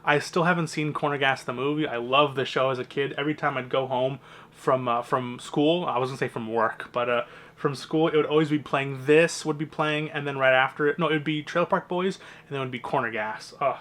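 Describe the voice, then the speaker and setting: A man's voice: mid-range voice, fairly quick, fairly bright tone. A young man, casually walking through his movie collection with chatty, rambling, opinionated asides.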